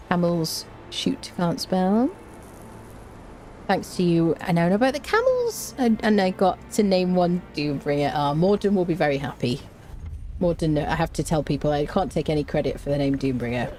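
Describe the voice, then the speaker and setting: A woman from Britain streaming a game, chatting casually and reading chat aloud, ranting with energy. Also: low voice. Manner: chatty, reads chat aloud, animated rants. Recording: faint background noise.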